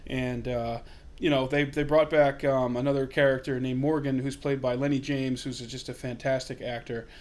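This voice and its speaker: Podcast host, male, mid-pitched, easygoing rambler with lots of "um"s. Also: flat delivery, normal speed. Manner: chatty, rambling with fillers. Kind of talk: casual chat.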